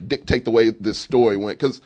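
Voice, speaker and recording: A man's voice: medium pitch, fairly even intonation, brisk, darkish tone. A man co-hosting a casual film review podcast, chatty and profane, often chiming in with agreement. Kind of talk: casual chat.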